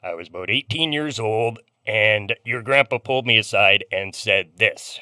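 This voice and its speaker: A man's voice: lowish voice, moderate pace, hardly any pauses, pushed and bright, smooth, dry recording, clean studio sound. A middle-aged man hosting a podcast interview in a friendly, enthusiastic way. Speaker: podcast host. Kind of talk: casual interview chat.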